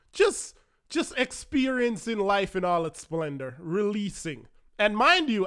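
A man hosting a podcast, telling a personal story in an animated, self-mocking way with dramatic pauses. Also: high voice, clear, resonant tone. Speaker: podcast host. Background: faint background music.

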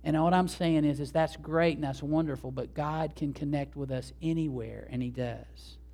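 A man preaching a sermon, conversational and animated, talking straight to the congregation. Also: on the high side, normal speed, creaky. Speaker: pastor.

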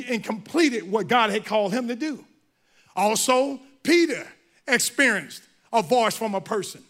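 A man's voice: very high-pitched, fairly bright tone. A man preaching a Bible-study sermon, emphatic and full of repeated phrases. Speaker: pastor.

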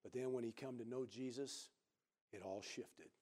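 A middle-aged man, preaching and telling a lively personal story, acting out other people's voices. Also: mid-range voice, normal speed. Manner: animated storyteller who acts out quoted voices loudly. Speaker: pastor. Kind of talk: sermon storytelling.

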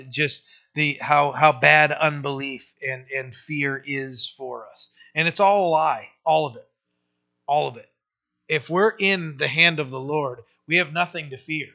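In a dull lo-fi sermon recording, a man with a slightly high, pushed, bright voice and some vocal fry preaches conversationally to his church. He leans on rhetorical questions and keeps asking his listeners "right?"

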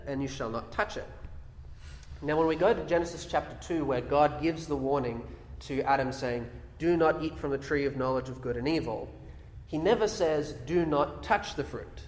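Male preacher, fairly high voice, teaching from scripture in a big echoing room. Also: slight background noise. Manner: explains verses, reads aloud, rhetorical questions. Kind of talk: sermon on scripture. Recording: echoey hall with long reverb.

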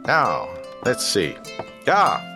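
A man's voice: medium pitch, huge pitch swings, extremely slow, over music, heavily acted. A pompous, petulant king. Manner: pompous, exasperated. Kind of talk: comedy audio drama.

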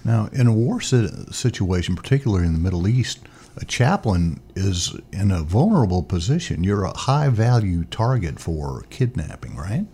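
Male radio host, very deep and husky, conversational questions. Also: sing-song, moderate pace, dark tone. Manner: conversational, asks questions, makes appeals. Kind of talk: radio interview.

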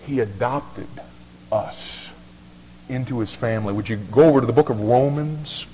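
A man's voice: mid-range voice, moderate pace, dark tone, slight background noise. A male pastor preaching a sermon in a folksy, emphatic way, often repeating words as he restarts. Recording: long reverb of a large hall.

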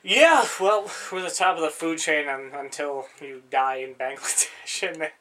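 A man's voice: on the high side, normal speed, bright, forceful tone. A man in casual chat, rambling through stories, swearing freely and laughing often.

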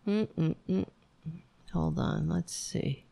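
Woman host, casual reaction commentary, sarcastic, swears a lot, unhurried. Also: on the low side, steady tone, creaky, dark tone. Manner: sarcastic, profane ranting. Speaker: streamer reacting to video.

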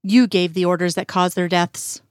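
A woman's voice: fairly low pitch, fairly even intonation, normal speed, no room sound, studio quality, close to an everyday voice. A woman reading a dead man's bitter accusing ghost. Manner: harsh, relentless accusation.

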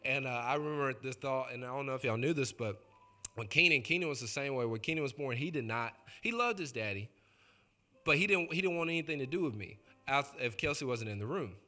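A man's voice: medium pitch, lively intonation, fairly quick, sharp tone, faint music behind. A male pastor preaching in a loose, joking storytelling way, talking straight to the congregation. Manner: chatty, joking, addresses the congregation directly. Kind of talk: conversational sermon storytelling.

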